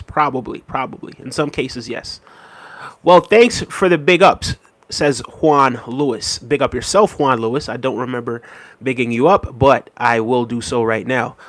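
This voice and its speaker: A man hosting a casual livestream, reading out viewer comments and thanking them in a relaxed, easygoing way with soft laughs. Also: mid-range voice, dry recording. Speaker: livestream host. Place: New York City.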